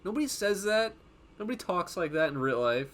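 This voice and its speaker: A man's voice: high voice, big pitch swings, a little fast, a bit bright. A man streaming live and chatting casually as a comic artist, rambling, swearing often and breaking into laughs.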